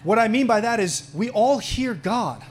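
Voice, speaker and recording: High-voiced earnest male preacher. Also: expressive, normal speed, a little hiss or hum. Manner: earnest preaching, rising louder when reading scripture aloud. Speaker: pastor. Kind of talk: sermon with scripture reading.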